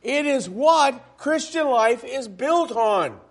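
A man's voice: extremely high pitch, lively intonation, slow pace. A man preaching a sermon to a congregation in church, emphatic and full of rhetorical questions.

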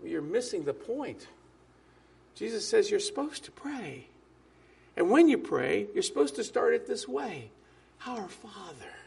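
A man preaching a sermon as a pastor, emphatic, with drops to soft asides. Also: high voice, big pitch swings, unhurried, vocal fry, pauses often, husky.

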